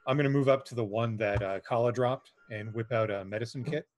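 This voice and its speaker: A man's voice: mid-range voice, a little fast. Player: man with a mid-range voice, hesitant, filler-heavy game talk. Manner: hesitant, many fillers and restarts. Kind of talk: casual tabletop game play.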